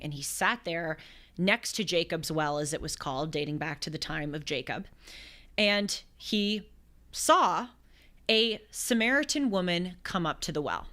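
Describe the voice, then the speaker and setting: Woman in her twenties, host, lower-pitched voice, conversational storytelling, lively asides. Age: 20s. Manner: animated storytelling with acted quotes and asides. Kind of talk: conversational religious commentary.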